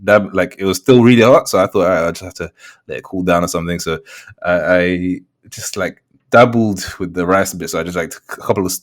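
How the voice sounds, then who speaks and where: A man's voice: deep voice, fast talker. A young man, co-hosting a podcast in casual chat, telling stories animatedly with frequent laughs and restarts. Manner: animated storyteller, laughs often, many restarts. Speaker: podcast co-host.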